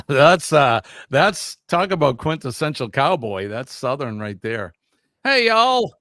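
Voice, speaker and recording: Male live-stream host, upbeat, reads the chat aloud, mid-pitched voice, dry close sound. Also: measured pace, a bit bright, no room sound.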